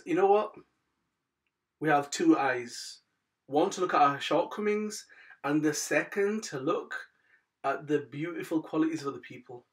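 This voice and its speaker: A man, hosting a daily channel and telling a moral story with religious advice in a casual way, often calling his listeners "guys" and letting his phrase ends fall soft. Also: on the high side, recorded from a distance. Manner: chatty, says "guys" often, trails off softly at phrase ends.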